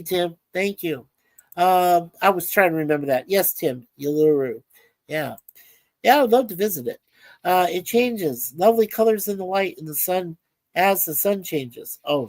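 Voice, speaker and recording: A woman with a slightly low voice co-hosts a livestream in a relaxed, chatty way. She reads out viewer comments, trails into frequent filler words, and sounds close and dry. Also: no echo. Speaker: livestream co-host. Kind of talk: casual chat reading viewer comments aloud.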